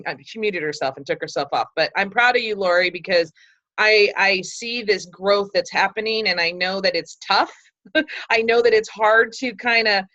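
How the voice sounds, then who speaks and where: A woman hosts a book club on a video call and talks in an encouraging, reflective way. Her voice sits at a middle pitch. The call audio is dull and lo-fi. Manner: encouraging, warm-hearted, reflective. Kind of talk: casual chat on a video call.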